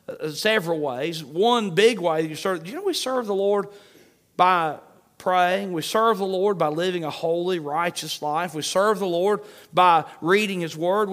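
This sermon comes from a pastor whose high voice moves a little slowly but stays emphatic and steady. He drives each point home by repeating it and reads scripture aloud in between.

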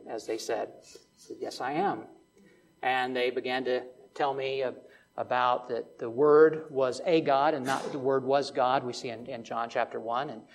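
Pastor guy preaching, kinda higher voice, tells stories then gets loud and emphatic. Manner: storytelling, rising to emphatic preaching. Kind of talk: sermon.

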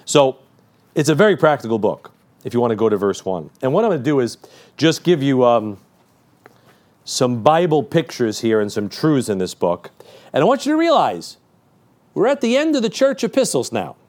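A man's voice: medium pitch, big pitch swings, moderate pace, a little mellow. A male preacher giving a midweek sermon, quoting scripture with emphasis and dropping joking asides.

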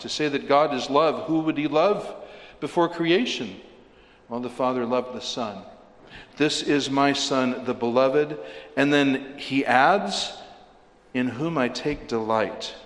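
A man's voice: medium pitch, roomy sound, in a large hall. A man preaching an expository sermon, earnestly asking his listeners questions and rising to emphatic peaks. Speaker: pastor.

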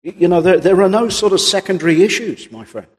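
Male preacher, husky tone, emphatic sermon delivery, long hall echo. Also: high-pitched, big pitch swings, quick pace, a little mellow. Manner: earnest, emphatic, quotes King James scripture. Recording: long reverb of a large hall.

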